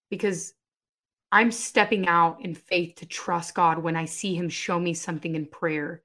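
Animated woman giving faith testimony. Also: fairly low pitch, measured pace. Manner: emphatic, animated storyteller with sudden loud bursts. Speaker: guest. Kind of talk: conversational testimony.

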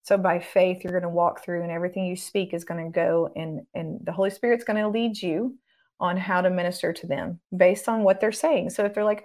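A middle-aged woman speaks in a calm, earnest teaching tone as a guest in an interview. Her voice sits a little low for a woman. She explains things patiently and now and then slips into the words of a prayer. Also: a little fast. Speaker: guest minister on deliverance.

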